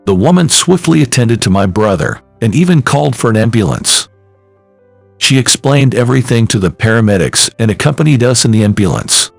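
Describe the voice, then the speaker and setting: A man narrating a scripted first-person story with soft music behind. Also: mid-range voice, dry recording.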